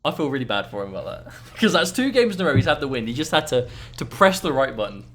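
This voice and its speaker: A man's voice: medium pitch, sing-song, fast talker, a bit bright. A man co-commentating a fighting game match, analytical with dry jokes. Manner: analytical, wry jokes about players' choices. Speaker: esports co-commentator.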